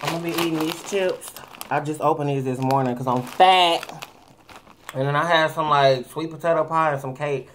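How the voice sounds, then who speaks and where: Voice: medium pitch, normal speed, fairly bright tone, slight background noise. A tipsy vlogger chatting casually at home while eating, sassy, rambling and full of swearing, talking to the camera. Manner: sassy, profane and rambling, calls listeners girl. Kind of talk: casual eating-show chat. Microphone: camera mic.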